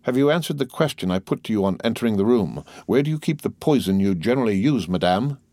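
A cold, merciless magistrate hands down his judgment, as a male narrator puts him on. His voice is low, measured and commanding. The recording is dry and close. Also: expressive, warm tone, no echo, lightly acted. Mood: severe. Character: stern, unforgiving male magistrate, cold and severe.

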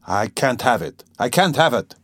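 A man's voice: medium pitch, expressive, moderate pace, dry recording, studio quality, voice pushed up, natural voice. A man voicing a tormented, feverish young man who speaks curtly and with strain. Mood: irritable, strained. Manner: curt, strained.

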